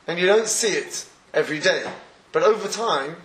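Guy giving a torah class, kinda high voice, laughs a lot as he tells stories, echoey room. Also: normal speed. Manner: animated storytelling, laughs often. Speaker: rabbi teaching Torah.

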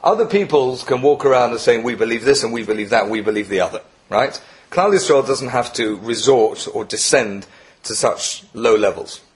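A man giving a Torah lecture with stories, animated and emphatic, often repeating himself and rising to sharp peaks. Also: medium pitch, normal speed. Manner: animated, rising emphatic peaks, mixes Yiddish and Hebrew terms; frequent self-repetition and restarts. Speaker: Torah teacher.

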